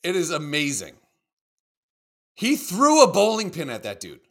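Animated, profane man hosting a stream. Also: on the high side, a little slow. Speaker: co-host. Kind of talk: casual livestream video reaction chat.

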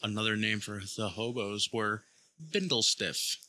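A man's voice: lowish voice, steady tone, measured pace, pushed and bright, a little hiss or hum. A man co-hosting a casual podcast, matter-of-fact and dryly informative. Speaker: podcast co-host.

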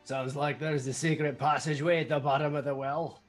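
A man's voice: on the high side, flat delivery, a little fast, faint music behind. A man playing a tabletop game, joking and eager to act. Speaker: player.

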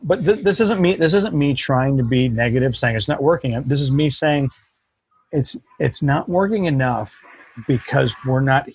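Male co-host, husky gravelly voice, stammering and emotional, dull lo-fi audio. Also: mid-range voice, lively intonation, darkish tone, no room sound. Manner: halting, repeats himself, emotional. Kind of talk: casual conversation. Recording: dull lo-fi sound.

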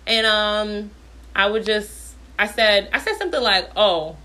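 A woman's voice: medium pitch, measured pace. Blunt, foul-mouthed woman venting. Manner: blunt, profane, animated. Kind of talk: casual storytime rant. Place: at home, in the bathroom.

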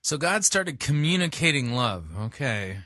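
A man's voice: a little high, very animated, measured pace, sharp tone, dry recording. A man hosting a review show, cutting in with dry, skeptical commentary. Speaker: host. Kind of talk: critical commentary.

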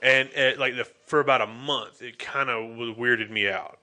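A young man with a Southern accent and a bright, clear voice, talking earnestly in a casual conversation. He thinks out loud and keeps restarting his sentences. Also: medium pitch, steady tone, moderate pace. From North Carolina. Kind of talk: casual chat.

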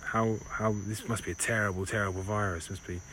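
A man's voice: fairly low pitch, fairly even intonation, brisk, pushed and bright. A man voicing a gang of old disease viruses complaining, indignant and incredulous, in a comic sketch voice. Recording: home recording with clear background noise.

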